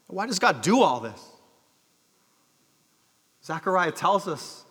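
A male pastor delivers an earnest sermon in a church sanctuary, his fairly high voice lifting into emphatic calls and then sinking low and soft. A long hall reverb trails each phrase. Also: expressive, moderate pace, long pauses.

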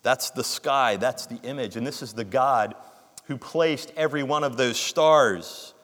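A man's voice: mid-range voice, measured pace, a bit bright. Earnest preacher man in a reverberant hall. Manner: earnest expository preaching, reads scripture aloud with emphasis. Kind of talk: sermon.

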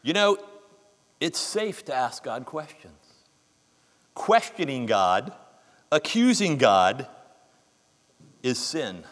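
A man's voice: medium pitch, big pitch swings, slow pace, long pauses, a bit bright, long reverb tail. A man preaching a sermon, reading scripture aloud with emphasis and explaining it earnestly.

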